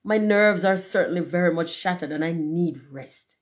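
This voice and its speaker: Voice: medium pitch, normal speed, lightly acted. A reader doing a haughty, self-important firework rocket. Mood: pompous. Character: pompous conceited firework rocket.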